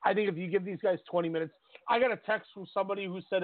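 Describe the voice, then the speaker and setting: A man's voice: sits high, fairly even intonation, rapid-fire, dry recording. Opinionated guy on sports radio, dry tinny phone sound, laughs a lot. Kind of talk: casual wrestling talk.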